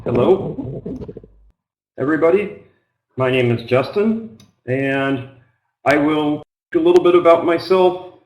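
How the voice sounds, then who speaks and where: A middle-aged American man from Oregon teaches a web seminar in a plain, flat Pacific Northwest accent. He talks slowly, with many ums, in a slightly high voice. The room around him sounds echoey. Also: lo-fi sound. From Oregon, United States. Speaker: business English trainer. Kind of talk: online trial lesson.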